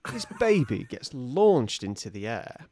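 A man co-hosting a podcast, improvising a playful comic story with sudden loud silly voices. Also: medium pitch, big pitch swings, unhurried, crowd noise. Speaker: podcast co-host.

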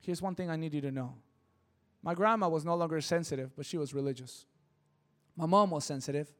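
Man, preacher, high voice, from Mexico, storytelling sermon, animated. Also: fairly quick. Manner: animated, shifting from hushed to loud and emotional.

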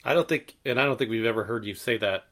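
A man's voice: mid-range voice, fast talker, fairly bright tone. Wry male co-host. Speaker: podcast co-host. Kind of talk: casual chat.

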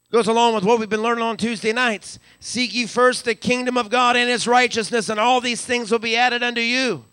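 A man's voice: very high voice, fairly even intonation, fairly quick, hardly any pauses, sharp tone, smooth, dry recording, studio quality. A man preaching a live church sermon as pastor, stammering repeats as he builds and calling out hallelujah. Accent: Western Pennsylvania. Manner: repeats words when building up, calls out hallelujah. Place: church sanctuary.

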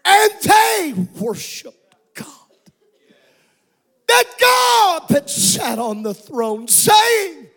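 High-voiced, slow-preaching male pastor. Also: sing-song. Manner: preaching with shouted, sung-out passages. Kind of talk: sermon.

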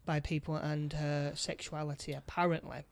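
High-voiced man, dry close sound. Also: flat delivery, creaky, no echo. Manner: halting, with frequent restarts. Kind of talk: casual chat about a film.

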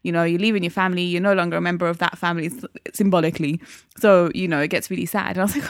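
A woman's voice: fairly low pitch, fairly even intonation, fast, dry recording. Podcast co-host, woman in her thirties, emotional storyteller, close dry mic. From England. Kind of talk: casual chat.

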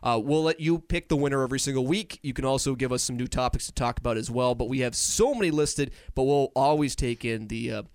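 A man's voice: medium pitch, fast, few pauses, clean tone, no echo, studio quality. A young man co-hosting a casual podcast on a headset, upbeat and joking, rambling with restarts. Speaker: podcast co-host.

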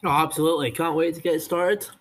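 A Scottish man whose Inverness accent carries an Edinburgh twang, co-hosting a casual podcast. He speaks quickly in a slightly raised voice and keeps his replies short and dry. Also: a little high, fairly even intonation. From Scotland. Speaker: podcast co-host.

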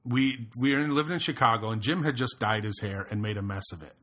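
A man hosting a casual podcast chat, telling stories with lively acted-out quotes and plenty of swearing. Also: medium pitch, fast talker. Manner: animated storyteller, swears freely, acts out quotes loudly. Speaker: podcast host. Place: Los Angeles.

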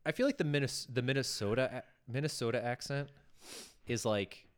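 A man's voice: mid-range voice, moderate pace. A man co-hosting a casual podcast chat, rambling with many restarts and fillers. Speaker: podcast co-host.

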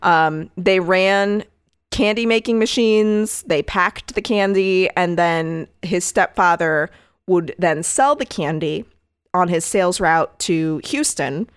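A woman's voice: on the low side, takes it slowly, clean tone, no echo, studio quality. A woman co-hosting a podcast, telling a case story in casual chat with frequent asides and the odd swear word.

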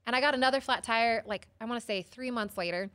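A woman psychotherapist telling stories as a guest in an interview, expressive, often saying "like" and "right?". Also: a little high, fast, no echo. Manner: expressive, acts out quoted voices, many "like" and "right?". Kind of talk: storytelling in an interview.

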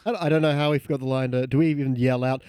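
A man's voice: mid-range voice, steady tone, racing, darkish tone, clean tone, dry recording, studio quality. A man chatting playfully as a podcast guest. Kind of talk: casual chat.

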